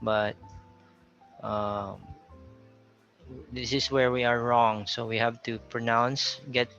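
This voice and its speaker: A man's voice: medium pitch, little pitch movement, takes it slowly, a bit bright, highs cut off, faint music behind. A man from the Philippines with a Filipino accent, teaching an English pronunciation lesson and repeating example words as he explains them.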